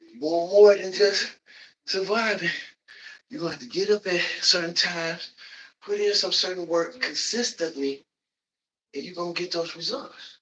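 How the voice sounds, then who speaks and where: A man huffs and puffs through a workout as he preaches encouragement, breaking into loud whoops between lines. His voice is bright and raised a touch higher than usual for a man. He sits at a distance from the microphone. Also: normal speed. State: out of breath from exercising. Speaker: livestreamer leading a workout. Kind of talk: motivational workout talk. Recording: voice distant from the mic.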